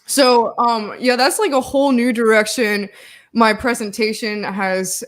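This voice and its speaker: A woman's voice: fairly high pitch, steady tone, measured pace. A woman guest in a casual conversation, speaking in an easygoing way with many filler words.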